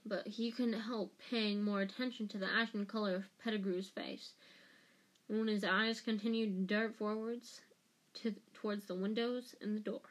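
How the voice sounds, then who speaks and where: A woman's voice: mid-range voice, fairly even intonation, moderate pace. A woman reading a novel aloud chapter by chapter, with occasional stumbles and restarts over the words. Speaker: reader.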